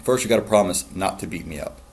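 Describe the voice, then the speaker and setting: A man voicing a timid young boy who pleads in a high, meek voice. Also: fast talker, gravelly, darkish tone. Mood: coaxing.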